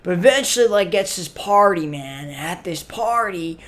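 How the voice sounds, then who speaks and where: A man's voice: high voice, lively intonation, normal speed, fairly bright tone. An actor playing a clueless, spaced-out young stoner who hosts a comic web show. He drawls through a filler-heavy monologue and keeps tacking "man" onto his phrases. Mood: laid-back. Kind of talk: comedy sketch monologue.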